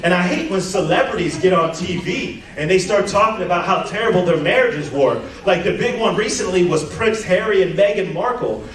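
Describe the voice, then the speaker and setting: Loud, high-voiced man doing stand-up. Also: fairly quick, hardly any pauses, faint music behind. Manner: loud, animated, shouting punchlines. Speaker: stand-up comedian. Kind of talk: stand-up comedy set. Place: theater stage. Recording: echoey theater stage from far off, crowd noise.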